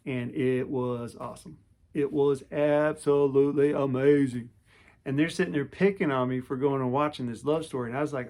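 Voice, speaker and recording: Man in his forties with a gravelly voice, talking to camera about his own life, rambling and lively. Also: medium pitch, normal speed. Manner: rambling, lively, full of restarts and fillers. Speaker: vlogger telling a personal story. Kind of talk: casual storytelling to camera.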